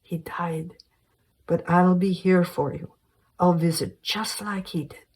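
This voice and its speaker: A woman's voice: lowish voice, a little slow, a little mellow, husky. A woman voicing a grown doctor daughter speaking tenderly to her mother in a screenplay reading.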